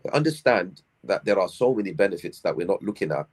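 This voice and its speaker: A man's voice: sits low, expressive, fast, husky. A middle-aged man, an Islamic scholar giving family advice on a live stream, asking rhetorical questions and answering them himself.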